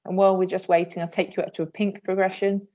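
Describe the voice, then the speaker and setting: A woman's voice: medium pitch, flat delivery, fast talker, dark tone, lo-fi sound. Woman, from England, upbeat, PE trainer, video call presentation. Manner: upbeat, demonstrates moves while talking. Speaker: PE trainer leading a teacher workshop.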